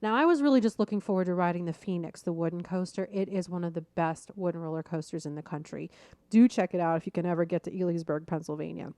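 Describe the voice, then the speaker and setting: A middle-aged woman hosting a podcast, telling a personal story in a lively, self-deprecating way and laughing at herself. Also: fairly low pitch, fast, dry recording. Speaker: podcast host.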